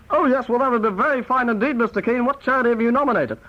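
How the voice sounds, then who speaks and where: A man with a Northern Irish accent playing a formal, brisk quizmaster in a comedy sketch. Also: extremely high pitch. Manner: brisk, formal quiz-host delivery. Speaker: comic quizmaster. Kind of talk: comic sketch on tape. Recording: dull old cassette tape with hiss.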